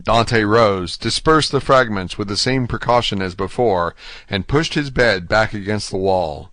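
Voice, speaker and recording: A man narrating a classic novel as an audiobook, in a steady, even storytelling manner. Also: fairly low pitch, unhurried, no echo. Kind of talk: scripted narration.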